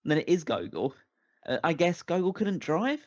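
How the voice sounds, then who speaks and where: A man's voice: fairly high pitch, moderate pace, muffled recording. A man co-hosting a casual movie-review podcast, rambling and restarting his sentences. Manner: rambling, restarts a lot, animated. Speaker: podcast co-host.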